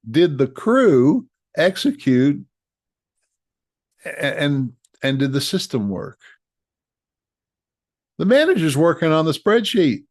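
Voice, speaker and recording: A man's voice: on the high side, no echo, clean studio sound. A middle-aged man giving a coaching talk on leadership, earnest and given to repeating and restarting his phrases. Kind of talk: direct-to-camera coaching talk.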